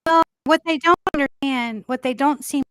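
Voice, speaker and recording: A woman's voice: high-pitched, moderate pace, no room sound, studio quality. A woman hosting a casual livestream talk show, brash and emphatic, swearing freely.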